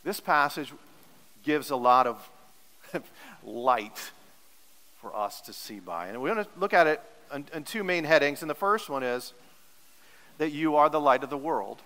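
A man's voice: medium pitch, a bit bright, long reverb tail, poor audio. A male pastor preaching a sermon in an earnest, teacherly way, leaning hard on repeated words for emphasis.

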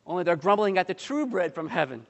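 A man's voice: high voice, very animated, quick pace, creaky, big-room sound, muffled recording. A male pastor preaching a sermon, emphatic and full of rhetorical questions to the congregation, with light humorous asides.

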